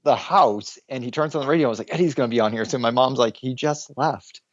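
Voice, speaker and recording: A man hosting a casual podcast, telling animated, profane stories and imitating the people in them. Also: mid-range voice, racing, no room sound, dull audio. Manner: animated, profane storyteller who mimics people. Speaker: podcast host.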